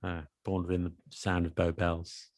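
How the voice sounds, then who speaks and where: A man's voice: deep voice, completely flat delivery, moderate pace, darkish tone, no room sound, clean studio sound. A man co-hosting a podcast, explaining things with patient examples in casual chat. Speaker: podcast co-host. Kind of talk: casual chat about accents.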